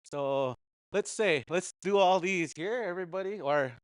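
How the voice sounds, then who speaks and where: A man's voice: on the high side, animated, moderate pace, dry recording. A man teaching a casual language class, patiently repeating words and chuckling often.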